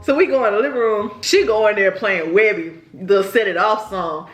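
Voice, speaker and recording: A woman's voice: mid-range voice, moderate pace, faint music behind. A young woman telling a rambling story to her viewers in a casual vlog. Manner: chatty, rambling, addresses viewers directly. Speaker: vlogger. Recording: roomy echo.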